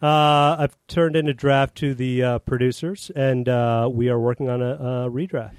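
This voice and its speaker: A middle-aged man, a film director, telling animated stories as a guest in a casual podcast chat. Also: mid-range voice, normal speed, no room sound. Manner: animated storyteller, acts out quotes.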